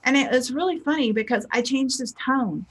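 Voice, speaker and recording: A woman speaks at a normal speed in a high-pitched voice, with a little hiss or hum on the recording. Giving a casual motivational talk as a spiritual teacher and life coach, she's chatty and acts out quoted people with lively voices.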